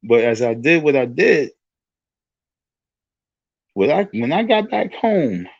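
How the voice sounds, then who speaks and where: A man's voice: mid-range voice, sing-song, takes it slowly, vocal fry, no room sound, lo-fi sound. A man telling a rambling story in a casual monologue, often restarting his sentences. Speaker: online talk show host.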